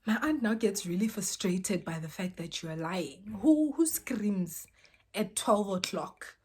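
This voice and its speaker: A young woman tells a personal story casually, dropping to near-whispers and then bursting out loudly as she acts out what people said. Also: mid-range voice, measured pace, slightly rough. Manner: animated, swings between soft near-whispers and loud exclaimed quotes.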